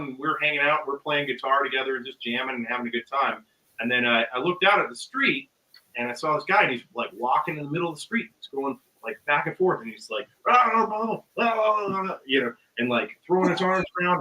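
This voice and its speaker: A man's voice: fairly high pitch, expressive, fast talker, sharp tone, recorded from a distance, low-quality recording. A man telling a long story in casual chat, rambling with ums and uhs and acting out the voices of the people in it. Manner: rambling, full of ums and uhs, acts out quotes with laughs. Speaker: guest musician.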